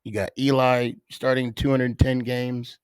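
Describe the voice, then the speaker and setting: A middle-aged man hosting a casual solo podcast, telling stories with dramatic pauses. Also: mid-range voice, clear, resonant tone, no room sound, studio quality. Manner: animated storyteller with dramatic pauses. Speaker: podcast host.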